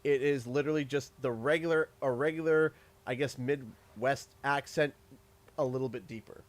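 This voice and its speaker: A man's voice: medium pitch, moderate pace. A man with a Canadian accent, chatting casually as host of a gaming livestream, rambling and cutting himself off. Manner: rambling, self-interrupting and laughing. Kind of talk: casual chat while gaming.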